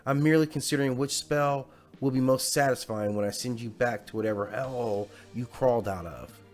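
Man voicing a proud female witch, hissing, sneering, hot-tempered, mid pitch, storybook reading, faint music. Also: fairly quick, a little mellow, natural voice. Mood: angry.

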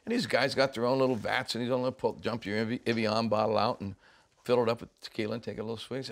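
A man's voice: medium pitch, steady tone, fast. An older man, a rock musician, telling stories in a casual interview, laughing often and acting out the voices of people he quotes.

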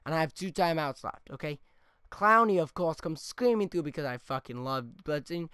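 A man's voice: on the high side, animated, normal speed, fairly bright tone, clear, resonant tone, dry recording, clean studio sound. Profane ranting gamer man. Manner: profane, ranting, keeps tagging "okay?". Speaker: gaming YouTuber. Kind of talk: angry gameplay rant commentary.

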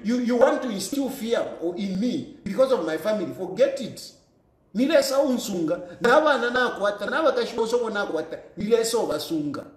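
A man's voice: high-pitched, roomy sound. A man hosting a call-in show, angrily ranting at a caller, repeating himself, defiant, laughing in between. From Zambia. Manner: angry, repetitive, defiant, laughs between lines. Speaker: show host. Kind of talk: heated call-in show rant.

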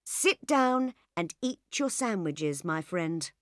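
A woman reading aloud and voicing a calm, worldly older man giving advice to a stranger. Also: fairly low pitch, slow pace, no echo, studio quality. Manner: calm, advising. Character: calm older male traveller, worldly and unhurried.

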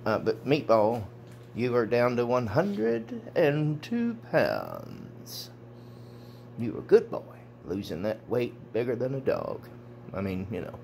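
A man filming his dogs at home on a phone, talking to them casually, laughing a lot and cooing at them in a high sing-song voice. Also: huge pitch swings, takes it slowly, gravelly, a little mellow, slight background noise. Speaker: dog owner filming his pets.

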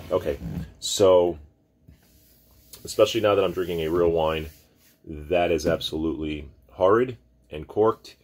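Male wine vlogger, very low, husky tone; relaxed, rambling delivery. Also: unhurried, pauses often. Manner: relaxed, rambling, many restarts. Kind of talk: casual wine tasting talk.

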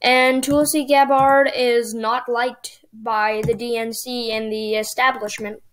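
Woman host, high pitch, excitable running commentary over a strategy game. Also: slow pace. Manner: excitable, thinking aloud while playing. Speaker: gaming channel host. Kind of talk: casual gameplay commentary.

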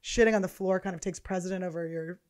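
A woman's voice: fairly low pitch, fairly even intonation, fast talker, darkish tone. A woman hosting a comedy podcast, telling profane stories with laughter in a loose, chatty way. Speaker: podcast host. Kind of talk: casual comedic chat.

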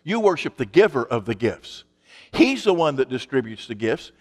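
A man's voice: mid-range voice, sing-song, moderate pace, darkish tone, in a large hall. A male pastor preaching a sermon in an emphatic, conversational way, asking his congregation rhetorical questions.

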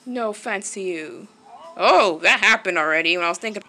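A woman giving casual let's-play commentary, excitable, gasping and exclaiming at the game. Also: medium pitch, fast talker. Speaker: gaming channel host.

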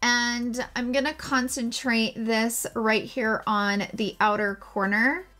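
A woman's voice: on the high side, fairly even intonation, takes it slowly, sharp tone, faint music behind. Gushing, chatty woman beauty vlogger. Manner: chatty and gushing, jokes at herself; casual swearing. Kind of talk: casual makeup tutorial.

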